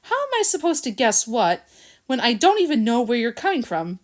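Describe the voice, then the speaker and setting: A woman's voice: a little high, sing-song, brisk, a little mellow, voice pushed up. Lady reader doing a lazy snooty cat, talks down a bit. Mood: disdainful. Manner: drawling, faintly disdainful. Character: lazy, disdainful male cat. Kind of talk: storybook reading.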